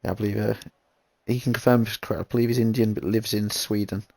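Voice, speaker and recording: A man's voice: lowish voice, steady tone, fast talker, vocal fry, warm tone, dry recording. A man giving easygoing, rambling commentary on an online racing league, reading out chat messages as he goes. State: recovering from a kidney infection. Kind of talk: casual race commentary.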